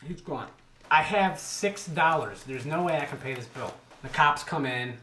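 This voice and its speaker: A man's voice: fairly high pitch, moderate pace. A man in his twenties telling a story casually and with a lot of swearing, acting out what other people said. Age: 20s. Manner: animated, profane, acts out other people's lines. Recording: echoey room.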